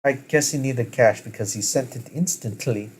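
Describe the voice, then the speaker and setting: A man's voice: medium pitch, moderate pace, breathy edge, pitched above the performer's own voice, natural voice. A man voicing a playful, teasing young woman in an amateur story reading.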